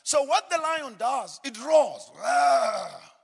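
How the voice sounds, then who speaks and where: A man preaching a sermon in a dramatic style, acting out scenes and building to shouted refrains. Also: extremely high pitch, expressive, takes it slowly. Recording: long hall reverb.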